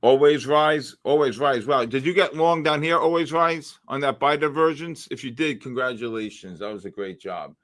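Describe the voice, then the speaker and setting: A man's voice: mid-range voice, normal speed, few pauses, fairly bright tone. A man from the Bronx, hosting a live trading stream in a brash, joking way. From the Bronx, New York. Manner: brash, joking, calls out viewers by name. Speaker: livestream trading host.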